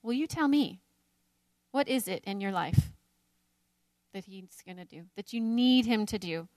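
A woman's voice: mid-range voice, animated, a little slow, a little mellow, no room sound. A woman in her thirties leading a Bible study, talking candidly about faith and motherhood and laughing often at herself. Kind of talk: teaching a women's Bible study.

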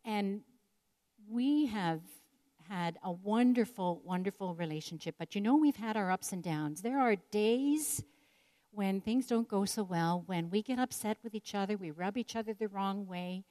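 A woman's voice: mid-range voice, unhurried, mellow. Older woman telling a reflective story. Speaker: speaker sharing a personal story. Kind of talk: personal devotional talk.

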